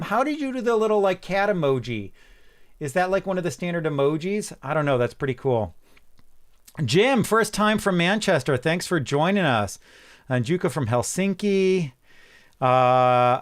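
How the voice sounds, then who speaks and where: A man hosts a laid-back tech livestream from his home office. His voice is smooth and resonant, pitched in the middle for a man. He talks in a chatty, unhurried way, full of ums and restarts. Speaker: livestream host. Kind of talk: casual tech livestream chat.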